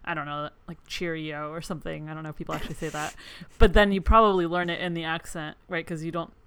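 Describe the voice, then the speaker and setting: Woman with a lowish voice, chatty. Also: steady tone, quick pace, a bit bright, clear, resonant tone. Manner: laughs often, hedging. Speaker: podcast co-host. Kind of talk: casual chat.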